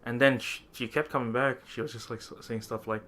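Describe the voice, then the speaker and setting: A man's voice: medium pitch, fairly even intonation, brisk, pushed and bright. A man co-hosting a podcast, telling a story in casual chat, laughing often and acting out quoted lines. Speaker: podcast co-host.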